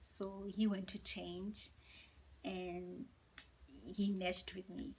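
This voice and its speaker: A woman tells a storytime vlog at home, in a hushed, half-whispered, gossipy way. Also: on the low side, flat delivery, drawn-out words, gravelly. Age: 30s. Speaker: vlogger. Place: indoors at home.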